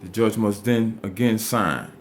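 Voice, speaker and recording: A man explaining a legal statute, reading it aloud slowly and stressing and repeating key words. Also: on the low side, expressive, slight background noise.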